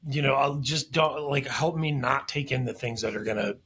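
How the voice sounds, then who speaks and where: A man's voice: mid-range voice, normal speed, fairly bright tone, slight background noise. A man hosting a podcast interview, chatting casually and enthusiastically, tying what he hears back to his own daily life. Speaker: podcast host.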